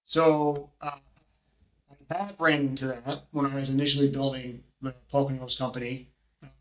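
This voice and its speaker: In casual podcast chat with a roomy echo, a medium-pitched, slightly bright man who co-hosts and manages short-term rentals rambles, lists prices and fills gaps with many ums.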